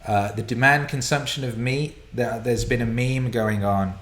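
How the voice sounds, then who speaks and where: A man hosting a live viewer Q&A broadcast from a home studio, excitable and profane, laughing and rambling as he reads out questions. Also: medium pitch, moderate pace, reverberant. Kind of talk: casual live-stream chat, reading viewer questions.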